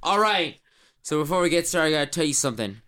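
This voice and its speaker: A man putting on a brash, crude jock team captain, loud and swaggering, who rambles through a boastful story packed with swearing. His voice jumps around a lot, pushed up higher than a normal speaking voice. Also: animated, fast. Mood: swaggering rant.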